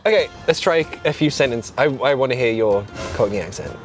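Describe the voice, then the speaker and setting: English host, young woman, bubbly and encouraging, very lively intonation. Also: very deep voice, a little fast, faint music behind. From England. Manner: bubbly, coaxing, laughs often. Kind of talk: casual chat.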